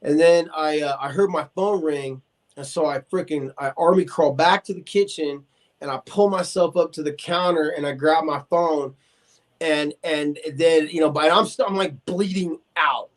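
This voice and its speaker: A man's voice: fairly high pitch, moderate pace. A man in his forties, a podcast guest, telling a long story in casual talk, full of fillers and acted-out quotes. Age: 40s. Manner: animated, acts out quoted voices, many fillers.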